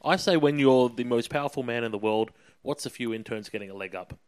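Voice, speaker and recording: A man's voice: medium pitch, brisk, clear, resonant tone. A man on a casual comedy podcast panel who throws in wry one-liners.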